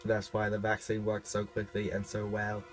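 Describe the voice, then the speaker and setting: A man with a cough reading lines as a blunt starship computer in a stiff, flat mock-robot delivery. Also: lowish voice, normal speed, faint music behind, close to an everyday voice, poor audio. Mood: commanding. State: unwell, coughing. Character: ship's computer, blunt commanding AI.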